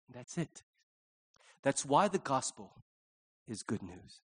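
A man's voice: mid-range voice, big pitch swings, slow pace, a bit bright, slightly rough. A middle-aged male pastor preaching a conversational sermon, acting out little quoted voices along the way.

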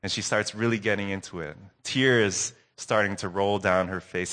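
A man preaching a sermon recap, earnest and telling a story with dramatic pauses. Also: fairly low pitch, fairly even intonation, a bit bright.

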